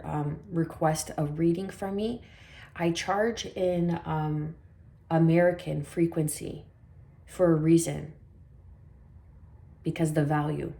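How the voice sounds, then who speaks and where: Woman tarot reader from Canada, low mellow voice, rambling soft delivery, echoey room. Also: gravelly. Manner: soft, meandering, with many fillers and affirmations. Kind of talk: spiritual tarot reading.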